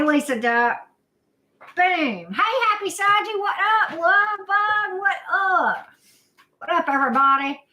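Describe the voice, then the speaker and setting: A woman's voice: on the high side, bright, forceful tone. A woman hosting a casual live chat, greeting viewers by name, repeating herself with many fillers. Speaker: livestream host, tarot reader.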